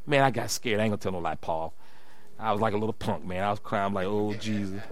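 A middle-aged man, a pastor preaching a sermon, telling stories and building to shouted exhortation. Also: fairly low pitch, fast. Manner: storytelling, rising to shouted preaching.

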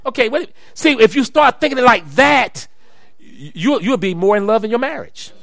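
High, bright-voiced preaching pastor. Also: male voice, lively intonation, normal speed, no echo. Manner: storytelling, rising to shouted preaching. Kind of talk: sermon.

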